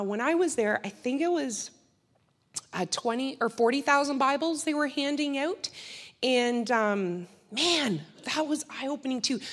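A woman sharing a casual testimony with a church group, chatty, with frequent laughs and fillers. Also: a little high. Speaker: church member giving a mission trip testimony. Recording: long hall reverb.

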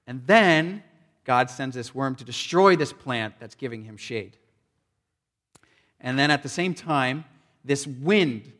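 A man preaching a sermon, retelling a scripture story with animated emphasis and acted-out voices. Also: medium pitch, in a large hall. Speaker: pastor.

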